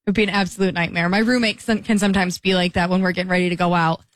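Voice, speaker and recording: A woman's voice: on the low side, flat delivery, very fast, dry recording. A young woman co-hosting a casual podcast, chatty and laughing at her own habits. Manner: chatty, self-aware, laughs at herself. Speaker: co-host.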